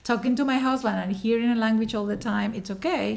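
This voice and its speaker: A woman's voice: a little high, racing, creaky. A woman from Venezuela with a Venezuelan Spanish accent, a guest on a podcast who talks earnestly in short, restarting fragments. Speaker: podcast guest, educator and business owner. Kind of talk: casual interview conversation.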